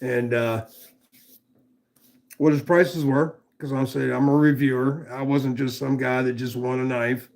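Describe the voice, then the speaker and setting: A man with a gravelly, rough-edged voice rambles through a casual knife review on a live stream. He swears freely and keeps breaking off to greet viewers by name. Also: medium pitch, fairly even intonation, a little slow, darkish tone. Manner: rambling, profane, chatty with viewers. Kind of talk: casual livestream chat.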